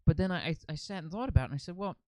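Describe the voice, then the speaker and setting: A man's voice: fairly high pitch, rapid-fire, mellow, dry recording. A man hosting a podcast in casual chat, easygoing and rambling, laughing along with his guest. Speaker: podcast host.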